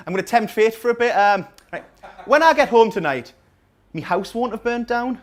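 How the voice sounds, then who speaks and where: A man's voice: sits high, lively intonation, a little fast. A man in his thirties with a Geordie accent, doing a rambling, self-mocking stand-up set in a small coffee house. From North East England. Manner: rambling self-mocking storytelling with dry asides. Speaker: stand-up comedian. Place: small coffee house venue with a live audience.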